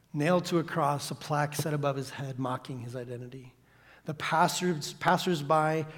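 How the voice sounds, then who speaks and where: Preaching man, loud to whispered, in a reverberant hall. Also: on the high side. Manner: dramatic, swings from loud to hushed whisper. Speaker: guest pastor. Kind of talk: sermon. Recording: long reverb of a church hall.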